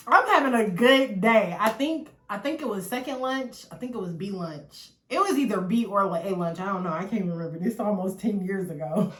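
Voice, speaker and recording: A woman in her twenties, a vlogger telling a personal story in a chatty, animated way, swearing freely and talking straight to her viewers. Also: medium pitch, brisk, hardly any pauses. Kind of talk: casual storytelling to the camera. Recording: echoey room.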